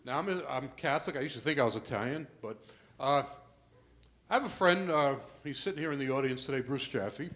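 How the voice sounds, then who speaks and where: An older man doing a stand-up comedy set in a club, telling stories with asides to the crowd and getting louder for the punchlines. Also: medium pitch, a little fast. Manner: storytelling with asides to the crowd, rising loud for punchlines.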